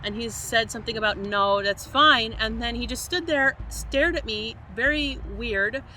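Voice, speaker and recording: Young woman vlogger, storytime delivery, high clear voice, faint traffic behind. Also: normal speed. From Canada. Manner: animated, laughing storyteller. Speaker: van life vlogger. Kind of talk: storytime vlog.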